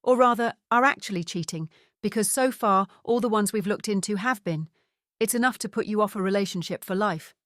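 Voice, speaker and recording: A woman's voice: mid-range voice, brisk, a bit bright, no echo, studio quality, natural voice. A woman voicing a sarcastic, clipped-spoken woman nearing fifty. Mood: teasing. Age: late 40s. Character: sharp-tongued nearly fifty woman investigator.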